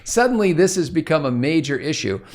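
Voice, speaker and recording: Man, co-host, middle pitch, wry, rambling, casual meeting chat. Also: lively intonation, moderate pace, slight background noise.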